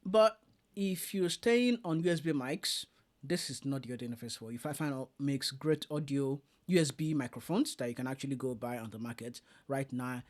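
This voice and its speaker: A man's voice: mid-range voice, moderate pace. A man giving a casual, chatty review of a streaming mixer, showing the features as he goes. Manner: chatty, demonstrating gear live. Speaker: tech reviewer.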